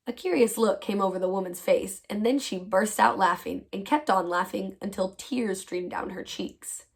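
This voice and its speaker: Woman, teacher, reading aloud, children's chapter book, clear, expressive, middle pitch. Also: normal speed, few pauses.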